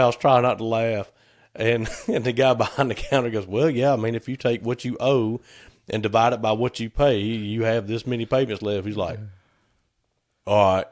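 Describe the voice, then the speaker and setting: A middle-aged man, co-hosting a podcast, telling stories and laughing through the funny parts. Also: mid-range voice. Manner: laughs through his stories, acts out quotes. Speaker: podcast co-host. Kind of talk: casual storytelling chat.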